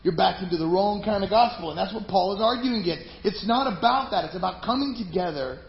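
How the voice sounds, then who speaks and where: A man preaching a sermon to his congregation, talking conversationally, with some passages loud and emphatic and others dropped to a hushed aside. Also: high voice, fast talker, gravelly. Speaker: pastor. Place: church sanctuary. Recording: roomy, slightly dull live church recording with faint ambience.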